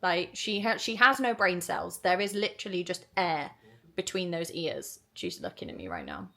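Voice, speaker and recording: A woman's voice: lowish voice, normal speed. A woman telling a story to camera in a chatty vlog, full of "like" and acted-out dialogue. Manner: chatty, animated, lots of "like" and quoted dialogue. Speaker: vlogger.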